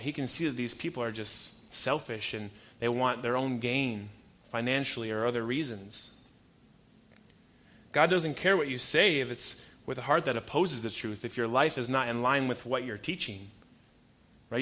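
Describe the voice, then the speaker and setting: Young guy preaching, chatty and animated, mid-pitch voice. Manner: conversational, animated storytelling preaching. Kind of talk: sermon.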